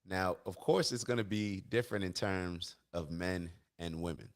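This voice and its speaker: A man's voice: low voice, normal speed. A man hosting a live stream, talking casually and giving his opinions, often repeating and restarting his phrases.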